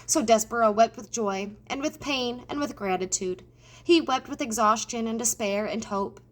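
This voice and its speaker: Brief: female storybook narrator, expressive, slightly high voice. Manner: expressive, addressing the reader. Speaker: audiobook reader.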